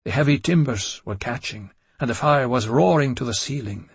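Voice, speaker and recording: A man narrates a gothic novel in the first person with a measured, dramatic delivery. His voice sits at an ordinary pitch with a husky grain. It sounds close and dry, with no room echo. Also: animated. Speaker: audiobook narrator.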